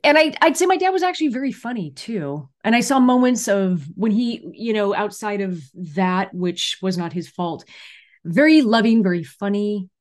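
A woman comedian from California speaks as an interview guest. She talks in an animated, chatty manner and tells stories. Her pitch sits in a middle range. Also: normal speed. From California, USA. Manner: animated, chatty storyteller who acts out quotes. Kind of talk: casual interview storytelling.

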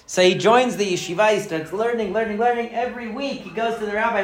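High-voiced man telling a teaching story. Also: fast. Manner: animated storyteller, many fillers and restarts. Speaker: Torah teacher. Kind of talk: storytelling lesson.

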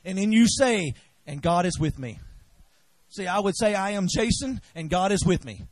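Delivering a fiery revival sermon, this expressive preacher talks at a normal speed with no echo. He moves between shouted exhortation and low, intense urging, leading his congregation in call-and-response.

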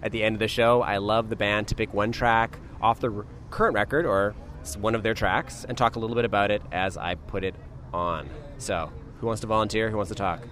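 Male host, soft-spoken, easygoing questions, street interview outside a club. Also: on the low side, fairly quick. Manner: friendly, plain questions, quiet. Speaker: podcast host. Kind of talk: interview hosting.

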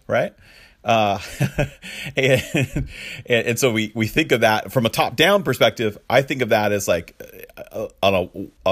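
Man giving a relaxed sermon, lowish voice, dry close sound, chatty and loose. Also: no echo. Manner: casual, lots of fillers and restarts, chuckling asides. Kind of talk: conversational sermon teaching.

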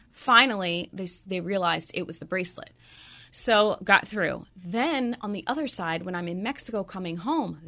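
A woman's voice: mid-range voice, bright, forceful tone. A middle-aged woman hosting a radio show, chatting casually and telling stories with lots of fillers. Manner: chatty, anecdotal, frequent fillers. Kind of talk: casual chat.

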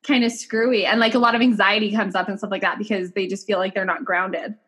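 A woman voice coach in a casual podcast chat, talking in a chatty, animated way, swearing freely and acting out quotes. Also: mid-range voice, fast talker, slightly rough.

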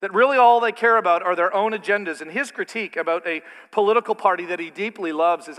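Middle-aged male pastor, high bright voice, preaching in a long-echo church hall. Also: fast, few pauses. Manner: animated, with mocking put-on asides. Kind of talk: sermon. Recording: reverberant hall.

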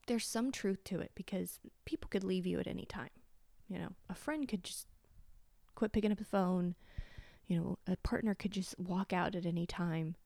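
Solo podcast host, woman in her thirties, tearful, swears freely, mellow tone, dry close sound. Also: medium pitch, creaky, no room sound. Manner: candid, blunt, swears freely. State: tearful, sniffling. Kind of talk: confessional solo podcast talk.

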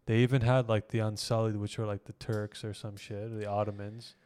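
A man's voice: on the low side, level tone, fairly quick, a little mellow, clean tone. A male comedian in casual, crude podcast banter, rambling and laughing often. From Canada. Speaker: stand-up comedian, podcast guest. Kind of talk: casual chat.

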